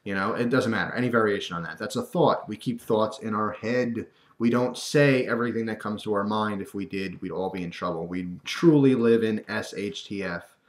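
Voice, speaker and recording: A man with a somewhat low voice delivers a casual, animated rant to the camera. He throws in wry asides and slips into quoted voices. The room around him is echoey. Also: normal speed.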